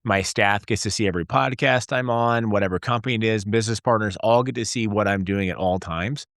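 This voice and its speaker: Male guest in his 40s, low-pitched, dry close sound, animated storyteller. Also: a little fast, no echo. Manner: energetic storyteller, acts out dialogue. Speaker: guest entrepreneur. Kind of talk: casual interview conversation.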